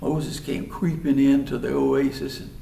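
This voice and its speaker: A man telling a story in a folksy, animated way. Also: medium pitch, measured pace, creaky. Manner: animated, folksy, acts out voices. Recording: roomy hall, mic far off.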